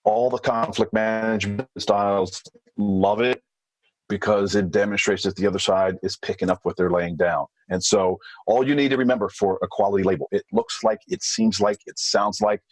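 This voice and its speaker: A man being interviewed as a former hostage negotiator, explaining in a measured way with thinking fillers. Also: lowish voice, steady tone, no echo, low-quality recording. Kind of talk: podcast interview.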